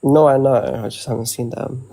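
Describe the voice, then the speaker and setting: A man's voice: mid-range voice, fairly even intonation, normal speed, gravelly, dark tone, slight background noise. A man not from the US in casual live-stream banter, chatty and teasing, full of slang. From outside the US.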